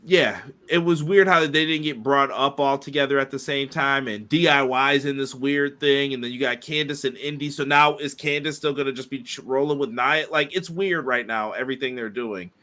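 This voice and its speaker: Bright-voiced dude cohosting a podcast, chill chatty, reads out comments. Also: male voice, medium pitch, normal speed, hardly any pauses. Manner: conversational, reads viewer comments aloud. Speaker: podcast co-host. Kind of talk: casual podcast chat.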